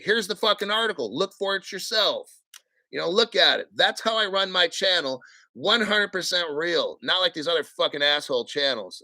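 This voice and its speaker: Male crypto streamer, blunt and foul-mouthed, dry close sound, forceful tone. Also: fairly high pitch, no room sound. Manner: blunt, profane, combative; clears his throat often. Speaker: crypto channel host. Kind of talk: livestream rant.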